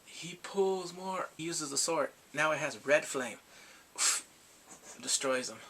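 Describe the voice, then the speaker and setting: Gravelly, bright-voiced excited man. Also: fairly high pitch, takes it slowly, slight background noise. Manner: animated, emotional, acts out the characters' lines. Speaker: drama reviewer. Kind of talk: excited casual plot recap.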